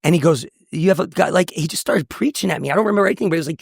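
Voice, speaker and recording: A man's voice: fairly high pitch, expressive, racing, gravelly, few pauses, dry recording, clean studio sound. A man, a motivational speaker, telling an emotional personal testimony in an intense, earnest way. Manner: intense, earnest storytelling with repetitions.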